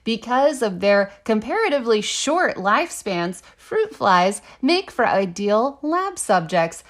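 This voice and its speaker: Excitable lady cohost reading quotes out, bit high voice, laughs a lot. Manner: excitable, swears casually, laughs often. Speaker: podcast co-host. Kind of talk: casual podcast chat, reading quotes aloud.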